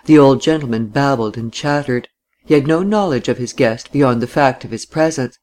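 A man narrating a novel in a steady, even reading voice. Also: medium pitch, normal speed. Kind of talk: audiobook reading.

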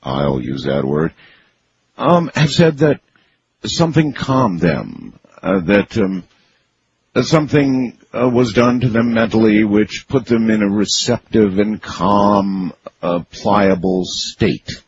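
A man hosting a radio talk show, asking a caller probing questions in a relaxed way. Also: fairly low pitch, takes it slowly. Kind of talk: radio call-in interview. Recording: muffled radio broadcast with faint hiss.

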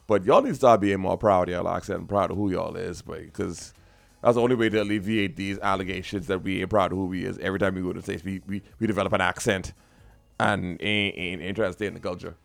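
Bahamian man, casual podcast chat, animated, interrupts a lot. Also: sits low, quick pace, creaky, soft background music. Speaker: podcast co-host.

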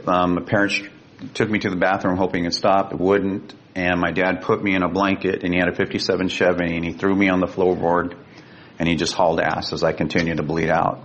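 A man with a gravelly voice, a guest telling a personal story in an earnest, vivid way. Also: flat delivery, fairly quick, fairly bright tone. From Sacramento, California. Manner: earnest, vivid, emotional retelling. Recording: dull lo-fi with faint rumble.

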